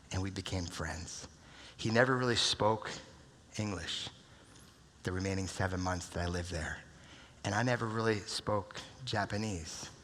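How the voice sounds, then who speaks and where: An American man giving a motivational keynote speech at a conference, telling stories and dropping to a hushed near-whisper at emotional moments. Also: sits low. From United States. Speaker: keynote speaker. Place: large conference room. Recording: reverberant conference hall.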